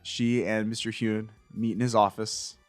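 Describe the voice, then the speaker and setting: A man's voice: on the low side, little pitch movement, normal speed, no echo, faint music behind. A man co-hosting a podcast, casually recapping a TV episode, saying "like" often and acting out quotes. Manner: retells scenes with filler likes and acted quotes. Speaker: podcast co-host.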